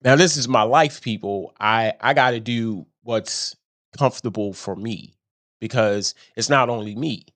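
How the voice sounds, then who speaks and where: A man's voice: lowish voice, a little slow, a bit bright, dry recording. A man hosting a show, telling a story in a rambling, casual monologue and often laughing at himself. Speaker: show host.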